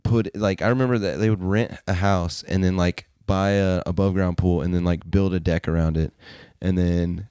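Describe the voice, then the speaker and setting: A man's voice: deep voice, normal speed, few pauses, clear, resonant tone, no room sound, studio quality. Profane Southern man telling stories. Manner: profane, animated storytelling. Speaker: podcast co-host. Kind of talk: casual chat.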